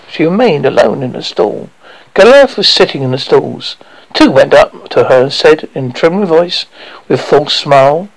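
A man reading a story aloud in a halting way, with slips and restarts. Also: a little high, vocal fry, rough recording. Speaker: narrator.

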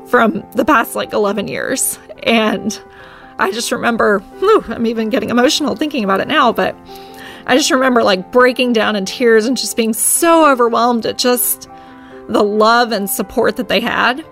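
A woman's voice: mid-range voice, fairly bright tone. A woman in her thirties telling her own story in an earnest, reflective way, often saying "like". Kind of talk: personal storytelling on a podcast.

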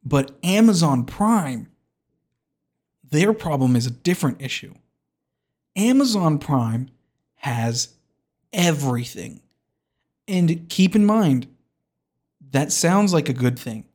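A man's voice: fairly high pitch, very animated, slow, long pauses, a little mellow. A man hosting a podcast, delivering a comedic rant that is rambling and hyperbolic and keeps interrupting and restarting itself. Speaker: podcast host.

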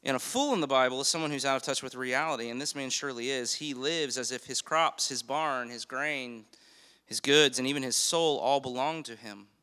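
Male pastor delivering a sermon; emphatic, asks the room questions, bright tone, reverberant hall. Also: mid-range voice, smooth. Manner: emphatic, slows for key phrases, asks the congregation questions.

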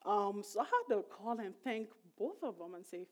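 Middle-aged woman preacher, mid pitch, chatty and emphatic sermon delivery. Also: big pitch swings, moderate pace, hardly any pauses. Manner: conversational, emphatic, voice rising sharply when retelling emotional moments.

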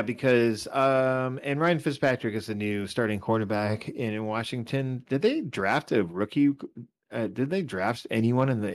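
A man co-hosting a casual fantasy football podcast, rambling and correcting himself as he walks through numbers, a little tired. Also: medium pitch. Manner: rambling, self-correcting, talks through stats. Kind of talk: casual chat.

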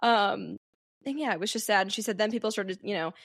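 Recapping a book on her podcast, a young woman talks fairly quickly in a creaky, medium-pitched voice, reading quotes aloud between frequent "um"s and "like"s. Her tone is chatty and casual. The recording is dry and studio quality.

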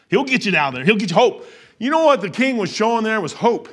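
Emphatic, folksy middle-aged preacher. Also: male voice, high-pitched, expressive, a little fast. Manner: folksy, emphatic, repetitive, swinging between shouts and quiet asides. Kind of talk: sermon.

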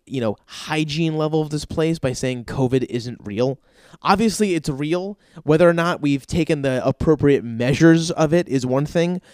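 A male podcast host telling a story in a rambling, profane, exasperated way. His voice sits somewhat high for a man. The recording is close and dry. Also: darkish tone, clear, resonant tone, no echo. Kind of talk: casual comedic storytelling monologue.

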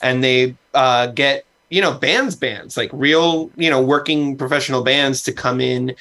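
A man's voice: medium pitch, measured pace, bright, forceful tone. A man, a band member guest raised in Latin America, talking casually and rambling with laughs. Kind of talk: casual chat.

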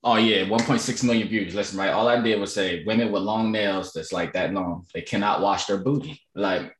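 A man's voice: fairly low pitch, steady tone, normal speed, reverberant, a little hiss or hum. A man in his thirties chatting casually as co-host, blunt and brash, swearing freely. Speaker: podcast co-host. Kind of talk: casual chat.

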